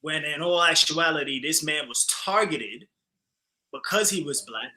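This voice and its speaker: Bright, animated man in heated talk. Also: a little high, unhurried, poor audio. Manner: animated, emphatic, frequent fillers and profanity. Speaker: podcast co-host. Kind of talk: casual heated discussion.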